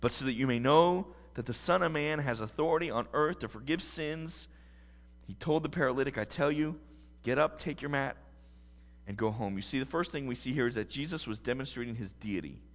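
A man's voice: medium pitch, a little fast, in a large hall. A man preaching a sermon as pastor, earnest and emphatic.

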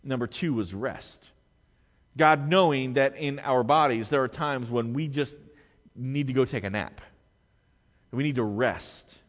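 A man preaching a sermon as a pastor, swinging between loud, emphatic stretches and hushed, quiet ones. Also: mid-range voice, unhurried, pauses often, big-room sound. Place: church sanctuary.

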